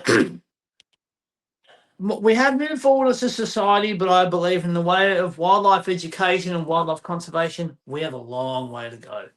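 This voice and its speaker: A man's voice: sits high, normal speed. Blunt, exasperated Australian man. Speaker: fauna spotter. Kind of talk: casual chat.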